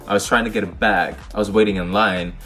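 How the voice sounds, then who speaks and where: A man's voice: fairly low pitch, fairly even intonation, fast, fairly bright tone, faint music behind. A young man from the Netherlands telling personal stories to camera in a frank, heated way, full of slang and swearing. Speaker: vlogger. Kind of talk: casual personal storytelling.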